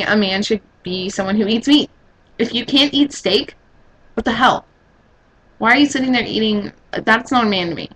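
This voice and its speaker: An eighteen-year-old woman from Texas giving her blunt opinions in a casual vlog, her voice leaping high when exasperated. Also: fairly bright tone, low-quality recording.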